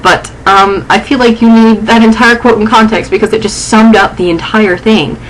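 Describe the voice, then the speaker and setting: A young woman vlogging from her dorm room. She is shaken and angry, and her speech is halting and full of restarts. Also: medium pitch, fairly even intonation, a little hiss or hum, rough recording. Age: young adult. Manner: agitated, halting, restarting sentences. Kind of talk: casual vlog.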